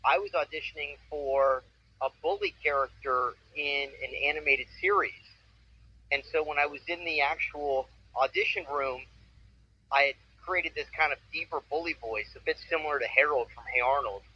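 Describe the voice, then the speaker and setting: A man's voice: on the high side, normal speed. A man in his forties, a voice actor telling stories in a casual interview with an upbeat, enthusiastic manner. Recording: muffled with faint noise.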